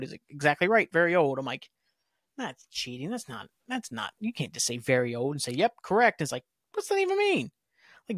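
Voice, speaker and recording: A man's voice: fairly high pitch, dry recording, studio quality. A man hosting a podcast, casually recapping a TV episode in a rambling, complaining way. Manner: rambling, complains and paraphrases scenes loosely. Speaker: podcast host.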